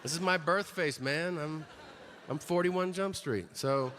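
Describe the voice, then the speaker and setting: Wry stand-up comic man, fairly high voice. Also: unhurried. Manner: crude, wry storytelling with acted quotes. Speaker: stand-up comedian. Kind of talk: stand-up comedy routine. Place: comedy stage before a live audience. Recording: live audience noise.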